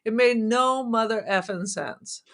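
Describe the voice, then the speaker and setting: Bright, teasing woman on a podcast. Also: a little high. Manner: joking, skeptical, quick to tease. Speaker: podcast co-host. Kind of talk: casual chat about a horror film.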